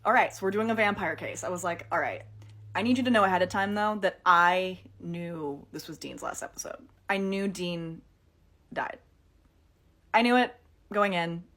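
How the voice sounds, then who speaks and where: A woman ranting in a casual opinion vlog, exasperated and swearing often, with sudden loud outbursts and quieter subdued stretches. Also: normal speed. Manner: swings between animated outbursts and low, subdued stretches. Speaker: TikTok creator reviewing a TV finale.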